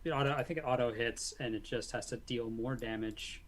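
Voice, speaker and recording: A man's voice: mid-range voice, fairly even intonation, brisk. A man playing a tabletop game, talking through his turn in a laid-back way. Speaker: player. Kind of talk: casual tabletop play.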